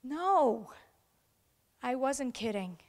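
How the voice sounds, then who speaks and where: A woman's voice: high-pitched, very animated, drawn-out words, a little mellow, big-room sound. A middle-aged woman giving a storytelling speech to an audience, acting out the voices of the people she quotes. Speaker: keynote speaker. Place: large event hall.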